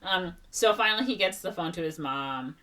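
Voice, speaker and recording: Woman retelling a movie, slightly distant mic. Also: on the low side. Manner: animated retelling with quick voiced impressions. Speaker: podcast co-host. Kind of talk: casual movie recap.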